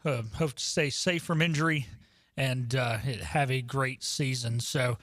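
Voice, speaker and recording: A man's voice: medium pitch, steady tone, measured pace, fairly bright tone, dry recording, clean studio sound. A young man hosting a casual sports talk radio show, chatty, with frequent ums and uhs.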